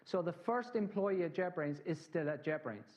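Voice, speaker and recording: A man's voice: fairly high pitch, normal speed, a little mellow, highs cut off. A man from England, giving a conversational conference talk full of anecdotes and asides to the audience. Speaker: conference speaker.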